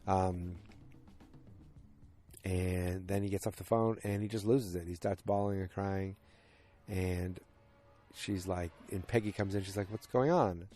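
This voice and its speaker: A man's voice: low voice, fairly even intonation, a little slow, pauses often, warm tone, soft background music. A man hosting a podcast, casually recapping a TV episode in a rambling way, correcting himself often. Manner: rambling, self-correcting, many fillers. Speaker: podcast host.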